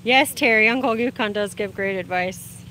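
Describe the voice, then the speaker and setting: Outdoors in the sunlight, a woman hosts a casual livestream on her phone, reading viewer comments, greeting people warmly, and laughing often. Her voice is mid-range at a normal speed, with a slight hiss or hum in the recording.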